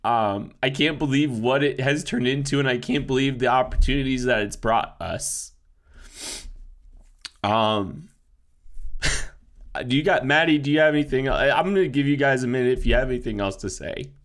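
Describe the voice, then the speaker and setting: A man co-hosting a podcast, crying as he speaks haltingly, full of fillers and teary laughs. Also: medium pitch, a bit bright. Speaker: podcast co-host. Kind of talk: emotional podcast farewell.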